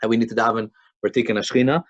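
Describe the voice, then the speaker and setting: A man's voice: lowish voice, fairly even intonation, rapid-fire, lo-fi sound. A man giving an informal Torah class, talking conversationally with frequent restarts and telling stories. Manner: conversational, many restarts and fillers, storytelling. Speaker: Torah teacher.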